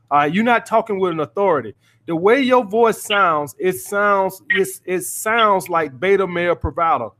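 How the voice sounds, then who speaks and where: A man's voice: high voice, fairly bright tone. A man hosting a call-in dating advice podcast, blunt and profane, repeating his points as he coaches a caller.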